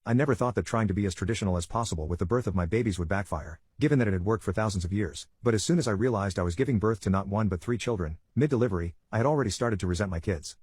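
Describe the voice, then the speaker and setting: A man reading online stories aloud in a rapid, steady read-aloud delivery. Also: on the low side, slightly rough, no room sound. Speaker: story narrator.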